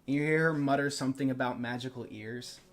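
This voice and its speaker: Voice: mid-range voice, fast talker, soft background music. A game master casually narrating a tabletop game, full of fillers.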